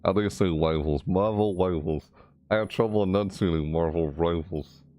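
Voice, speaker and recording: A man's voice: normal speed, warm tone, no echo. A man casually rambling through a game overview and reaction, mumbling and restarting phrases as he corrects himself. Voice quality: low mumbling delivery. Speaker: gaming video creator.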